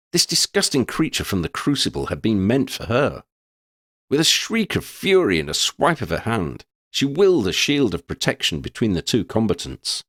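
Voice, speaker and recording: A deep-voiced man reading fiction aloud with a very lively, swooping delivery. His dramatic, deliberate storytelling sits close and dry, with no room sound. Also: no echo. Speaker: audiobook narrator. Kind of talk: scripted fiction narration.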